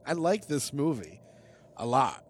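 Man, casual chat, profane, rambling, mid-pitched, faint background noise. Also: very animated, unhurried. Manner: profane, rambling, acts out characters in voices. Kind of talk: casual movie-recap chat.

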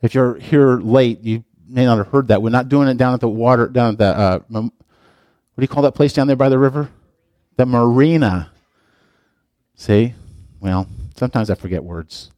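Reading scripture with deliberate pauses and emphasis, a male pastor alternates with rambling, conversational asides to his congregation during a sermon in the church sanctuary. His medium-pitched voice is a little mellow, and there's no echo.

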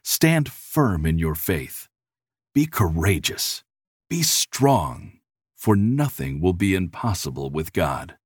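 A man voicing a humble, saintly older bishop who speaks calmly and deliberately. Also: deep voice, breathy edge, no room sound, clean studio sound, heavily acted. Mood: calm counsel.

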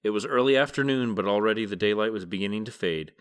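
A man's voice: lowish voice, fast talker, clear, resonant tone. A man hosting a podcast who reads a novel aloud a page at a time and chats about it afterward. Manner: relaxed, chatty reflection. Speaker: podcast host and reader. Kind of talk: reading a novel aloud and commenting.

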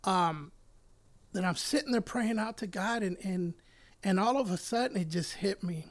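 A man's voice: high-pitched, moderate pace. Middle-aged guy from puerto rico, pastor type, telling his faith testimony, earnest and heartfelt, gets emotional. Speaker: church elder and pastor, guest.

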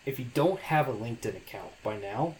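A man's voice: mid-range voice, expressive, brisk, a little mellow, a little hiss or hum. A young man co-hosting a casual podcast, talking in a loose, hesitant way with lots of fillers and restarts. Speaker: podcast co-host.

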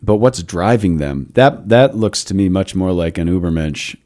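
A man's voice: low voice, expressive, normal speed, dark tone. A man hosting a casual, reflective discussion, thinking aloud with frequent restarts. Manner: thoughtful, with frequent restarts and musing asides. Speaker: podcast host.

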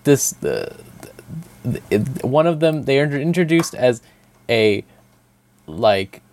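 A man co-hosting a casual podcast chat, telling stories in a rambling, animated way with lots of fillers and swearing. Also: mid-range voice, slow pace. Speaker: podcast co-host.

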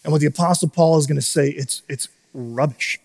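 A man's voice: fairly high pitch, fairly quick, creaky. A man in his thirties preaching a casual sermon as pastor, telling a story with many restarts and little laughs, his voice jumping up when he acts out dialogue. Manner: animated quoted dialogue, voice jumping up.

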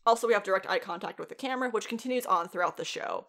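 A woman co-hosting a podcast, recapping a TV show in casual, animated chat, swearing freely and laughing often. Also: mid-range voice, very fast. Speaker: podcast co-host.

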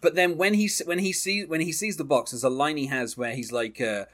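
Bright-toned man sharing film trivia. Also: fairly high pitch, brisk. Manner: relaxed, explanatory, with many ums. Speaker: podcast co-host. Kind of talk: casual film discussion.

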